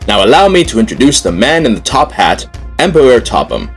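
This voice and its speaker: A man's voice: mid-range voice, huge pitch swings, fairly quick, soft background music. A man hosting a scripted fan talk show with an upbeat announcer manner.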